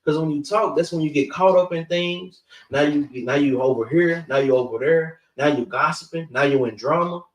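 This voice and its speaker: A man with a high voice preaching scripture in loose street talk, who peppers every point with "guess what" and "man." He is recorded from across an echoey room. The sound is roomy and distant. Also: moderate pace, hardly any pauses. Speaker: teacher of a scripture class. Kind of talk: street-style Bible teaching.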